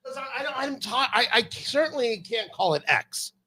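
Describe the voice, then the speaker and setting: Bright high-voiced opinionated man. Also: lively intonation, moderate pace, husky. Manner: opinionated, emphatic, stumbling restarts. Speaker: podcast host. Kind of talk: casual chat about football.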